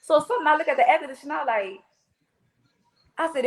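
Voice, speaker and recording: A woman's voice: high voice, animated, fast, pauses often, slight background noise. A woman with a New Orleans accent, a podcast guest telling stories in casual chat, blunt and full of cursing. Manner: blunt, profane storytelling.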